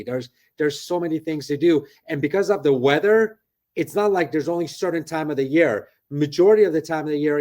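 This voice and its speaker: His voice is a touch high yet darkish in tone: a middle-aged real estate broker talking with animation from his office on a video call. It's relaxed interview chat, his points tagged with "right?".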